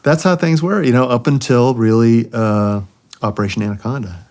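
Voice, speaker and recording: A middle-aged man, a former helicopter pilot, telling war stories as a podcast guest, animated, with dry jokes. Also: medium pitch, normal speed. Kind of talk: storytelling in a podcast interview.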